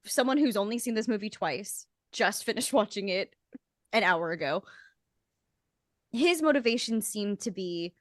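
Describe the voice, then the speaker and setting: A woman co-hosting a podcast, giving relaxed and frank opinions in casual chat. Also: mid-range voice, normal speed, no echo, studio quality. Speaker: podcast co-host.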